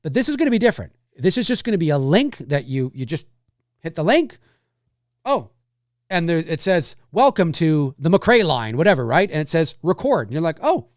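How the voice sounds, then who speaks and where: A man's voice: on the high side, big pitch swings, brisk, no room sound, clean studio sound. A man hosting a casual livestream, chatting in a meandering way and thinking aloud as he answers viewers. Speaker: livestream host answering chat.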